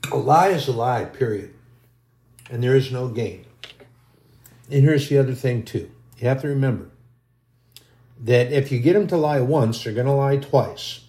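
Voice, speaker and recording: A man's voice: mid-range voice, normal speed, long pauses, dark tone. Folksy rambling male preacher, roomy sound. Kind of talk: storytelling sermon.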